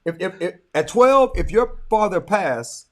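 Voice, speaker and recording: A middle-aged man chats casually on a podcast, spinning animated stories and repeating his words as he goes. His voice sits a bit high and swings widely in pitch. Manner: animated storyteller, repeats words, quick laughs. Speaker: podcast co-host. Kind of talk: casual chat.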